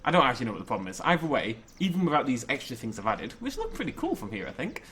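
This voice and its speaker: A young man talks through a game in a chatty, rambling way and jokes as he goes. His pitch sits in the middle and swings around a lot. There is faint ambient noise behind him. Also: wildly swooping pitch, racing, a bit bright. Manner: chatty, jokey, rambling with self-corrections. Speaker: gaming YouTuber. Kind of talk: casual game commentary.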